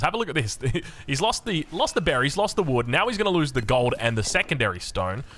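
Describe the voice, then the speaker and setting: An Australian man casting a strategy game, rambling excitably into anecdotes with lots of restarts. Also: medium pitch. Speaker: game caster.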